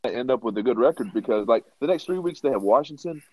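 A man on a sports talk panel, calmly breaking down plays and citing stats. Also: mid-range voice, fast talker, dry recording, low-quality recording. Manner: analytical, stat-citing. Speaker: podcast panelist.

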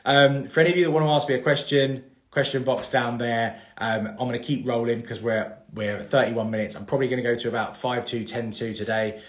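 A man's voice: medium pitch, fairly even intonation, a little fast, hardly any pauses. Chatty man in his thirties, echoey room. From England. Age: 30s. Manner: chatty, rambling, many fillers and restarts. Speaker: mortgage broker hosting a live Q&A. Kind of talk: casual live-stream Q&A.

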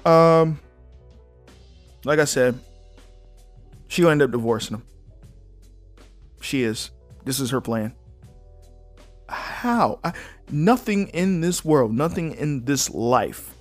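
A man's voice: medium pitch, expressive, slow pace, long pauses, soft background music. Blunt, opinionated young man hosting a podcast. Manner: blunt and opinionated, reading articles aloud with asides. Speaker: podcast host. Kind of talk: casual solo commentary.

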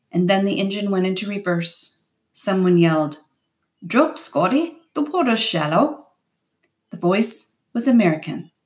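A woman with a low voice reads a novel aloud, chapter by chapter. She keeps a steady, unhurried storytelling pace throughout. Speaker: reader.

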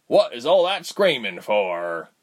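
A man voicing a stern middle-aged innkeeper who is a father, speaking slowly and firmly. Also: mid-range voice, big pitch swings. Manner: slow, firm, scolding.

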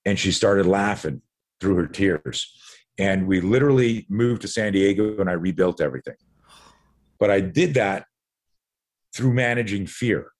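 Speaking a little slowly with long pauses, this man has a voice that sits low. A podcast guest from Canada in his sixties, he tells energetic stories, plays out other people's lines, and often repeats words mid-sentence.

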